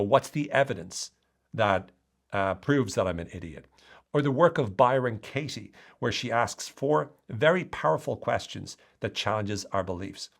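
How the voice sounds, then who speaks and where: A man explaining self-help strategies to the camera in an earnest, steady way. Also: medium pitch, creaky. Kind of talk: talking-to-camera lesson.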